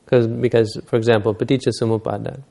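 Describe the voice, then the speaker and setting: A man's voice: medium pitch, steady tone, fast, creaky, dark tone. A man giving a Buddhist dharma talk, telling stories and explaining teachings unhurriedly, using Pali terms.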